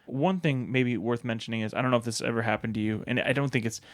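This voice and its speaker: A man's voice: medium pitch, fairly even intonation, fast talker, no room sound, studio quality. Teasing man rambling on a podcast. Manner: teasing, rambling, many fillers. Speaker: podcast co-host. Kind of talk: casual game discussion.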